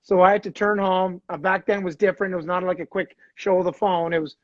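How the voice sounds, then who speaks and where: A man from Canada hosting a casual podcast, telling an animated hockey story and acting out the people in it. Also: sits high, fast talker, no room sound, lo-fi sound. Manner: animated storyteller, acts out quoted voices. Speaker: podcast host, former hockey player.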